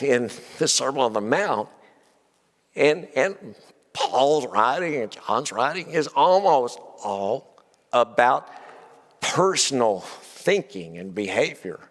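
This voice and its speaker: A man teaching a church Bible class in an easy, conversational way. He keeps turning to rhetorical questions for his listeners. His voice sits at a middle pitch and carries a long hall reverb. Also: expressive, slow pace, fairly bright tone. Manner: conversational, asks many rhetorical questions, frequent "you know". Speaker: preacher.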